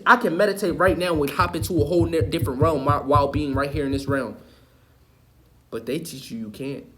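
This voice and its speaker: Cursing and repeating lines for emphasis, a male online video host preaches an impassioned spiritual rant to the camera. The voice sits a little high and has a bit of brightness.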